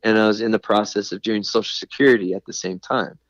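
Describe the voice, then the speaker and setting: A man's voice: on the low side, fairly even intonation, fast talker, no echo. A man, a veteran podcast guest, telling a story in a rambling, casual way, with lots of "you know" and some laughs. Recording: dull, dry lo-fi recording.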